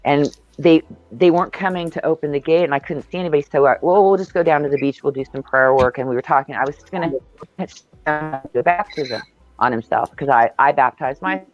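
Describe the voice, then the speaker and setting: Hosting a laid-back spiritual chat on a video call, this woman speaks in a deep voice at a fairly quick clip, her storytelling intense, emphatic and full of swearing. Soft music plays behind the dull, dry, lo-fi sound of her call mic.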